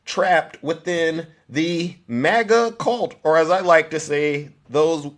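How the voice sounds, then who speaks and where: A man's voice: a little high, takes it slowly. Man hosting a sarcastic live-stream commentary. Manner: mock-solemn reading broken up by sarcastic, teasing asides to viewers. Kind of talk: live political commentary, reading a prepared text with ad-libbed asides.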